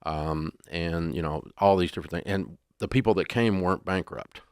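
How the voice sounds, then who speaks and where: An older man as an interview guest, telling stories in a folksy, animated way. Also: low-pitched, normal speed, clear, resonant tone, dry recording, studio quality. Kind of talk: storytelling interview.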